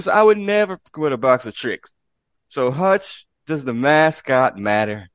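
A man's voice: medium pitch, expressive, moderate pace, dry recording. A man hosting a casual podcast chat, rambling loosely with lots of fillers. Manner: laid-back, rambling, with frequent fillers and laughs. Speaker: podcast host.

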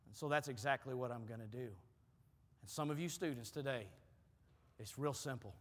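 Middle-aged pastor preaching in a hall. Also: male voice, brisk. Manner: storytelling with repeated words, dropping low and soft for emphasis. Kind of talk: sermon. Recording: long hall reverb.

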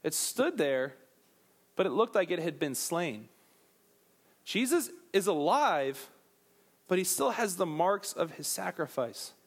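A man with a notably high voice delivers a sermon as a pastor. He talks in an animated, conversational way, mixing scripture with playful asides to his listeners. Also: slow, pauses often, breathy edge. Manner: animated, jokey asides to the crowd.

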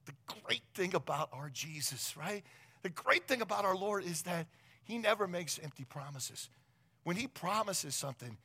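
A man preaches with a gravelly, bright voice that climbs fairly high. His sermon swings through a lively range, with stories told in a chatty, animated way. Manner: animated storytelling, conversational with asides. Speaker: pastor.

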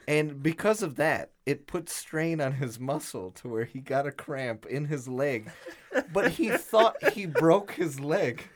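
A young man co-hosting a podcast, casually telling a funny story, acting out the voices of friends and laughing along. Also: a little high. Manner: animated storyteller, acts out quotes, laughs often. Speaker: podcast co-host.

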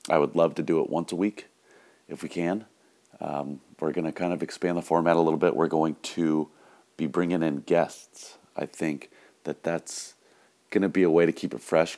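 A man hosting his own podcast, telling a dry bar joke and then chatting casually to his listeners. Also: rumbling low. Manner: deadpan joke telling, yelling the customers' lines. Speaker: podcast host.

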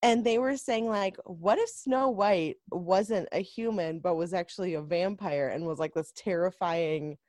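A woman chatting casually about a movie, giggly and animated, eager to agree with her co-host. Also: on the low side, measured pace, hardly any pauses, no echo, clean studio sound. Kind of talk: casual movie review chat.

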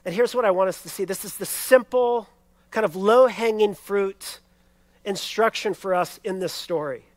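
A man preaching a sermon, telling a scripture story expressively and swinging between loud emphasis and hushed lines. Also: high-pitched, moderate pace, dry recording. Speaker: pastor.

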